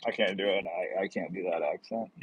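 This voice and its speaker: A man's voice: deep voice, brisk, breathy edge, no room sound, lo-fi sound. A man livestreaming while he drives deliveries, chatting casually with viewers and joking at his own expense. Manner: easygoing, chatty, jokes at himself. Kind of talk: casual live chat, answering viewers' comments. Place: in a car while driving.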